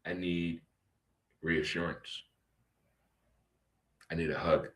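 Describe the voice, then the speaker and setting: A man hosting a casual talk radio show, joking and animated, swinging between loud outbursts and low muttering. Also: slow. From St. Louis.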